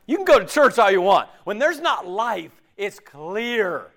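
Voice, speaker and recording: A man preaching a sermon in a conversational, animated way, often acting out imagined voices. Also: high voice, measured pace.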